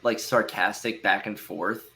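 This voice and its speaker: A man's voice: fairly low pitch, steady tone, a little slow, sharp tone. A young man co-hosting a podcast in a loose, rambling casual chat. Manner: loose, rambling, uses lots of fillers. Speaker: podcast co-host.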